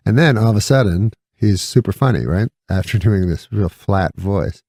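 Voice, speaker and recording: A man with a low, gravelly voice spins long, rambling anecdotes in a dry, deadpan manner, often breaking into a chuckle at his own tales. The sound is close and dead, with no room around it. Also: normal speed, dry recording. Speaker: comedian guest. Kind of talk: casual anecdote storytelling.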